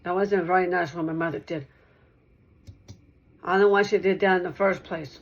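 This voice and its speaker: A woman's voice: on the low side, steady tone, normal speed, muffled recording. A woman talking straight to one listener in a rambling monologue, repeating herself and circling back over the same points.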